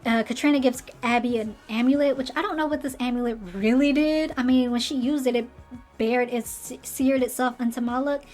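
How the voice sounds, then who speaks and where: A slightly hoarse woman chatting animatedly through a casual rant recapping a TV show, acting out the characters' lines as she goes. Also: high voice, steady tone, a little fast, darkish tone, soft background music. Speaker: show commentator.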